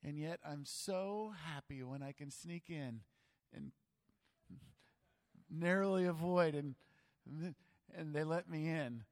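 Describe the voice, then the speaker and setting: A man preaching a sermon as pastor, animated, acting out voices and joking about himself. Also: fairly high pitch, slow pace, long pauses. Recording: long hall reverb.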